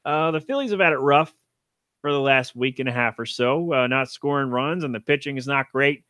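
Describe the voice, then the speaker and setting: A man's voice: mid-range voice, fairly quick, pushed and bright, no echo, studio quality. A man hosting a casual solo podcast, rambling offhand and self-deprecating about sports, with casual swearing. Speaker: podcast host.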